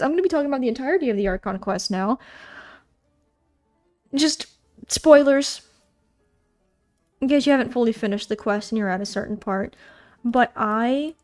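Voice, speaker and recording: A bubbly young woman rambles through casual game commentary, gushing with plenty of fillers. Her voice sits a bit high. Soft game music plays underneath. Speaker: gaming YouTuber.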